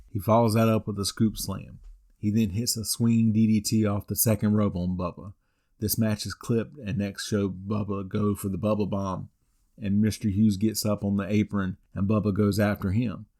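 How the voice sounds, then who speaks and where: A man in his forties hosts a podcast, walking through events in a steady, scripted play-by-play with the odd dry aside. His voice sits on the low side and sounds dark and mellow. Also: moderate pace. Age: 40s. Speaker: wrestling podcast host. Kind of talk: scripted recap narration.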